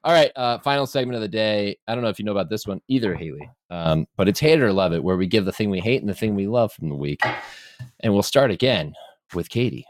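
A man's voice: on the low side, lively intonation, fast talker, no echo, studio quality. A man co-hosting a sports podcast in a casual, jokey chat, laughing often and slipping into silly voices. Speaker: podcast co-host.

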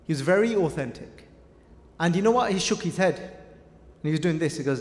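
A man's voice: fairly high pitch, animated, normal speed, pauses often. A man giving a conversational sermon, telling stories and quizzing his audience with questions. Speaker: preacher. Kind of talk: sermon with storytelling. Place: large hall with a live audience. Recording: echoey hall with long reverb.

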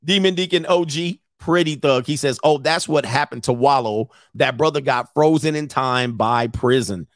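A man hosting a live stream as a dating coach, ranting comically and acting out both sides of a story in quick voices, laughing often. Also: medium pitch, no echo, clean studio sound. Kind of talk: casual comedic rant.

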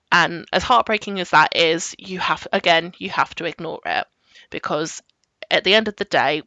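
A woman's voice: low voice, bright, forceful tone, dry recording. A woman hosting a solo advice podcast, talking in an earnest, reassuring way. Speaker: podcast host.

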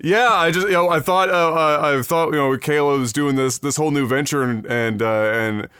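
A man co-hosting a casual podcast, who laughs often, swears, and keeps adding quick remarks. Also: a little high, a bit bright, clean tone, no room sound, studio quality. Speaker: podcast co-host. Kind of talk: casual chat.

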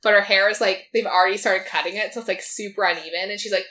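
Young woman co-host, bright and forceful tone, breezy filler-laden retelling of a show. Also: mid-range voice, fairly even intonation, fast talker. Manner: chatty, filler-heavy, quotes characters in her own voice. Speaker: podcast co-host. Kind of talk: casual chat recapping a TV episode.

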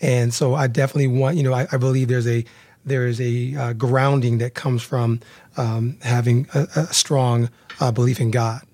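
A man's voice: medium pitch, level tone, moderate pace, darkish tone, no echo. Male host, earnest and stop-start, close dry sound. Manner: earnest, repeats words often. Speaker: podcast host. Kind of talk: casual interview talk.

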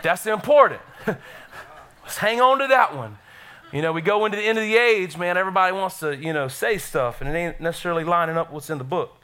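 A middle-aged man preaching a sermon in a church, energetic and calling out to the congregation. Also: high-pitched, brisk, smooth. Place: church sanctuary.

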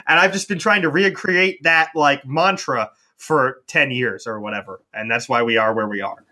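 A man's voice: on the high side, normal speed, few pauses, sharp tone. A man talking casually as a competitive card game player on a podcast, with frequent "like" fillers. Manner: chatty, heavy use of "like".

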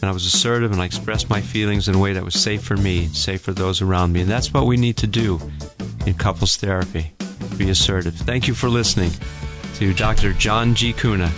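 Low-voiced middle-aged radio therapist. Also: male voice, fairly quick, music in the background. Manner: calm, folksy storytelling that addresses listeners as folks. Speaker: radio host and couples therapist. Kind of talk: radio talk segment with a personal story.

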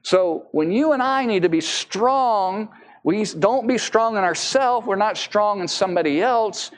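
A man's voice: high-pitched, expressive, measured pace. A man preaching a sermon as pastor, talking earnestly and conversationally with rhetorical questions, with an American accent.

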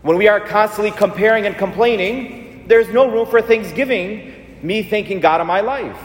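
A high-voiced man preaches a Catholic sermon with earnest repetition. His words ring out in a roomy church with a long reverb tail. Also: normal speed. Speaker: Catholic priest.

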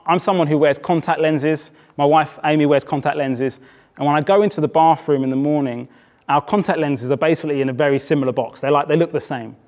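Male preacher from England, slightly high voice, conversational but emphatic sermon delivery in church. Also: a little mellow. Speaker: pastor.

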